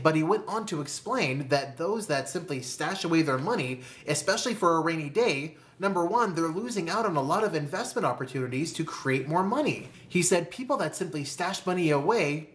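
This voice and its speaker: A host giving a motivational talk to camera about money, calling the listener "my friend" and asking rhetorical questions. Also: medium pitch. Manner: slow, deliberate emphasis on key phrases. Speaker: personal finance video host.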